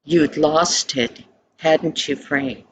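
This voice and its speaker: Grandma voicing a kind dad, calm, slow, gentle questions, no fuss. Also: female voice, low voice, slight background noise, low-quality recording. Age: older. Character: kind, calm, wise father.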